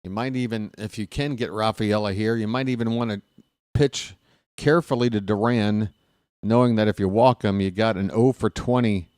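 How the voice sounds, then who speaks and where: A man's voice: on the low side, normal speed, darkish tone, clean tone, no echo, clean studio sound. A man with a Baltimore accent doing solo play-by-play for a baseball game, openly rooting for his team. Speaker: play-by-play announcer.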